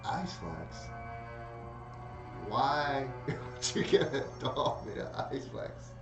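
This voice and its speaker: A man's voice: mid-range voice, very animated, drawn-out words, echoey room, distant mic, music in the background. A man playing a tabletop game, talking in nervous, pleading asides. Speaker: player. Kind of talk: casual tabletop game play.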